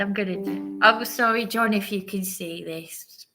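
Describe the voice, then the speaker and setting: A woman's voice: medium pitch, measured pace, sharp tone, faint music behind. A woman talking to camera in a rambling, apologetic vlog, often restarting her sentences. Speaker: vlogger. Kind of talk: casual monologue to camera.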